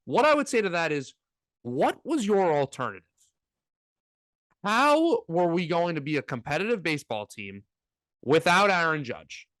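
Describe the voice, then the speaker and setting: A man's voice: on the high side, sing-song, moderate pace, long pauses, a bit bright, dry recording. A man co-hosting a casual sports talk podcast, ranting with energy and mocking fans in put-on voices.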